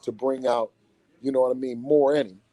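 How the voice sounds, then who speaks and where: As a boxer's dad and manager, a man gives a casual interview in an animated, slang-heavy way, repeating himself frequently. He talks a little fast in a mid-range voice, with no echo.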